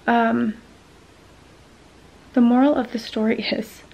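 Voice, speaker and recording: Woman venting in a vlog, kinda high voice, lots of ums, bit lo-fi sound. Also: level tone, slow, creaky. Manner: frustrated, venting, many ums. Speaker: vlogger sharing a medical experience. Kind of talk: casual talking-to-camera vlog.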